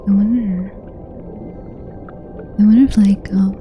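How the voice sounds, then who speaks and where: A woman streamer whispering to her chat in a soft ASMR style, slow and unhurried. Her tone is dark and mellow, playfully teasing and full of giggles. Faint music drifts behind her. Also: mid-range voice, steady tone.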